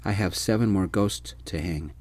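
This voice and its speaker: A man voicing a calm, formal German male student who is a computer whiz, speaking precisely with a German accent in a soft-spoken ASMR story. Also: low-pitched, normal speed, slight background noise, natural voice.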